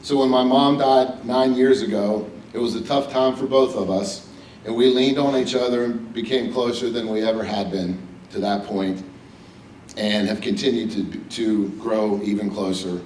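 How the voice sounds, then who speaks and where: A man's voice: on the low side, fairly even intonation, moderate pace, a little mellow, recorded from a distance, a little hiss or hum. A middle-aged man from West Virginia giving a personal, joking hall of fame acceptance speech at a podium. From West Virginia, USA. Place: banquet hall with audience. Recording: echoey hall, speaker a bit off mic.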